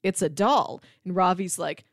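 A woman co-hosting a podcast in casual chat about a show, talking in a relaxed, thoughtful way and chuckling often. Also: fairly low pitch, normal speed, dry recording, studio quality. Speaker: podcast co-host.

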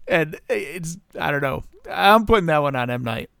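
A man's voice: a little high, animated, fairly quick, gravelly, a bit bright, smooth, dry recording, clean studio sound. A middle-aged man co-hosting a podcast, chatting casually with lots of fillers and laughs. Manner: rambling, laughing, filler-heavy. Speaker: podcast co-host. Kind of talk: casual chat.

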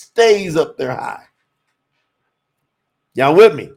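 Animated man teaching scripture on a livestream. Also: a little high. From USA. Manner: animated, drawn-out emphasis, addresses chat as y'all. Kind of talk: casual livestream teaching with chat.

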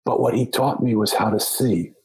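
Husky low-voiced man telling a story. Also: steady tone, normal speed, darkish tone, low-quality recording. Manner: rambling, restarts and repeats words. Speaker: podcast guest. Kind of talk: storytelling in a conversation.

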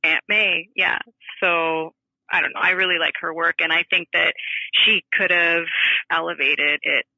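Bright, chatty woman co-host. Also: fairly low pitch, fairly even intonation, a little slow, vocal fry, dry recording, poor audio. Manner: chatty, bemused, laughs often. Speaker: podcast co-host. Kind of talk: casual chat.

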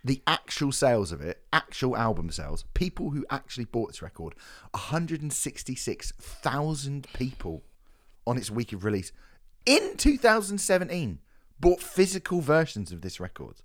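A man's voice: medium pitch, very animated, normal speed, no echo. Sardonic man reading reviews. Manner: dry, sardonic, swearing. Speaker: podcast co-host. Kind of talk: casual chat, reading reviews aloud.

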